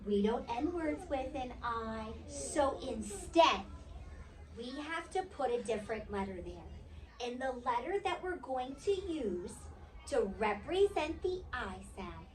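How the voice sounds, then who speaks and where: A woman's voice: on the high side, sing-song, measured pace, far from the mic. A woman teaching a kindergarten phonics lesson, leading call-and-response drills and playfully building suspense to hold the children's attention. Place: classroom.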